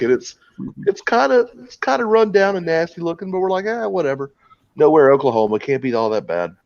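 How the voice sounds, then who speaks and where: A man's voice: medium pitch, no echo. Crude, rambling male storyteller. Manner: rambling, crude, laughing at his own story. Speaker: podcast host telling a story. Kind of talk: casual storytelling. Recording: dull lo-fi sound, dry.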